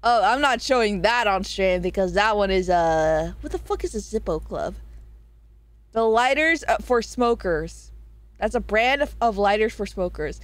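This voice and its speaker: A young woman streams casually, reading viewer messages aloud with giggles, jokey asides and plenty of swearing. Her high-leaning voice has lively intonation and normal speed, with no room sound, and it's turning a bit hoarse.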